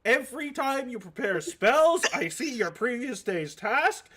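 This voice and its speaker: A man's voice: high-pitched, lively intonation, unhurried, fairly bright tone. A man voicing a crude, exasperated male nature god who is fed up with being prayed to, in a tabletop game. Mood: sassy. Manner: snappy, irritable, crude.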